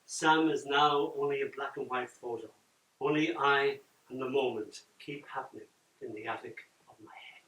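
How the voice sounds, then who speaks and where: An older man reading his poems at a launch, dramatic, swinging from loud lines down to near-whispers. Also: medium pitch, steady tone, normal speed. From Ireland. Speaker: poet. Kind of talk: live poetry reading with chat. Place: event room at a book launch. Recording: roomy echo from far off.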